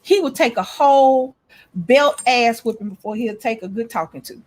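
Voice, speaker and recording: A woman's voice: a little high, normal speed. A woman in casual chat, telling stories and speaking emphatically to her audience. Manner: storytelling, emphatic, lectures trolls. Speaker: co-host.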